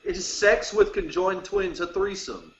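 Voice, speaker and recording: A man's voice: sits high, unhurried, slight background noise. A man co-hosting a casual comedy podcast, reading out listener questions and laughing often. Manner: reads questions out, laughs a lot. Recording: roomy, dull lo-fi mic.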